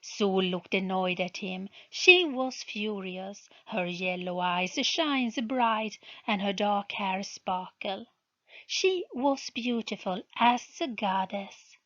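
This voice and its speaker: A woman narrating a book aloud, reading slowly and carefully. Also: medium pitch, animated, a bit bright, highs cut off. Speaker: reader, channel host. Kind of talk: storybook narration.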